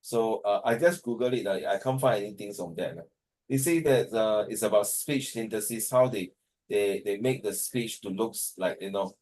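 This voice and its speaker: A man's voice: fairly low pitch, moderate pace, darkish tone, rough recording. A tired man teaching an online class over a video call, talking in a hesitant, rambling way and slipping into Mandarin.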